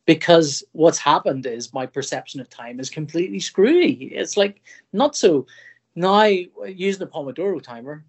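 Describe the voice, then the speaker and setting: A man's voice: on the high side, lively intonation, moderate pace, slightly rough, lo-fi sound. A middle-aged man from Northern Ireland, a comic artist guest in a casual podcast chat, who rambles, breaks off mid-sentence and acts out his own thoughts.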